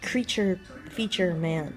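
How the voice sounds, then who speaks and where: A woman's voice: fairly low pitch, takes it slowly, over music, low-quality recording. A woman vlogger musing aloud in a casual, jokey monologue, rambling and trailing off as she thinks.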